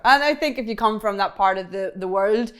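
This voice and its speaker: Northern Irish woman guest, quick and chatty, smooth clear voice, laughs a lot. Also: medium pitch. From Northern Ireland, County Tyrone. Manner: quick-talking, laughs often, many fillers. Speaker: interview guest, cybersecurity expert. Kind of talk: casual interview chat.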